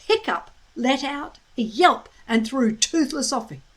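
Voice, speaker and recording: A woman reading a children's novel aloud in a slow, expressive, deliberate way. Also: sits high, rough recording. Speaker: storyteller reading a children's book. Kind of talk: storybook read-aloud.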